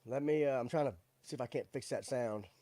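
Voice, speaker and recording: A man's voice: mid-range voice, a little fast, dark tone, dry recording. A man hosting a casual live-stream, chatting loosely with viewers in a laid-back way. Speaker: livestream show host. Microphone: studio microphone with audio interface.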